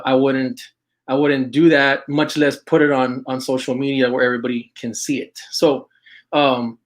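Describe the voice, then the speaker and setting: A middle-aged man hosts a casual livestream full of shout-outs. He talks in a rambling, halting way with many restarts. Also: fairly high pitch. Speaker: host of an outdoors apparel and magazine show.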